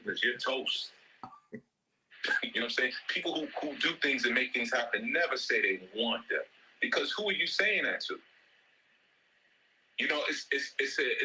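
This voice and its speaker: A middle-aged man talks off the cuff, loose and slangy, breaking into laughter as he goes. His voice is very bright and forceful, sitting at an ordinary pitch for a man. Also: poor audio. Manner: laughs often, repeats "you know what I'm saying"; slangy, joking, mocks with high-pitched quoted voices. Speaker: ministry speaker. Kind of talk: casual motivational talk in an audio chat room.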